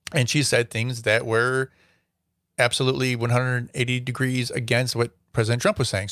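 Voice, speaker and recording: A man's voice: mid-range voice, fairly bright tone, dry recording. Opinionated man in a dry room. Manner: opinionated, rambling with fillers. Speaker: host. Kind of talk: opinion commentary monologue.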